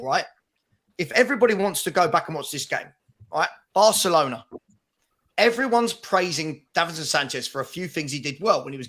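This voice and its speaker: Bloke hosting a fan debate, highish bright voice, keeps hammering his point. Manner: forceful, repetitive, talks over others. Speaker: podcast host.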